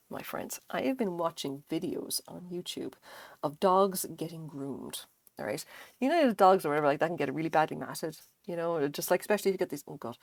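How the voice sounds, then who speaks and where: A woman's voice: lowish voice, no echo. A woman streaming live, chatting casually and rambling while she crochets, with lots of fillers and casual swearing.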